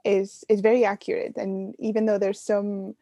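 A woman's voice: medium pitch, little pitch movement, normal speed, no room sound. A woman hosting a podcast, chatting casually with hesitations and laughs. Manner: warm, hesitant, with filler words and laughs. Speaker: podcast host. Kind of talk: casual conversation.

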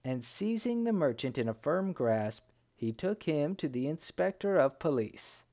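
A man reads a folk tale out loud in a voice on the high side, never rushing. His narration is lively, and he performs each character's cries.

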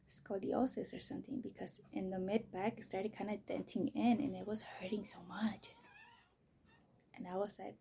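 A woman with a medium-pitched voice hosts her own podcast, telling a personal story in a casual, rambling, profane way. She peppers it with "you know" and "like," often slipping into soft, breathy near-whispers.

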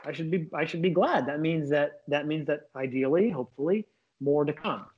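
A man's voice: fairly high pitch, normal speed, breathy edge. A man, a comedian, talking casually and enthusiastically in an interview. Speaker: comedian guest. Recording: dull lo-fi sound.

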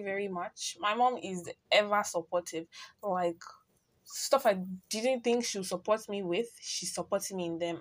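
A teenage girl with a Nigerian accent talks straight to her listeners in a casual solo podcast. She is chatty and earnest, jumping from loud bursts to quiet, soft asides. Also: medium pitch. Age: teens. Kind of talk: casual personal monologue.

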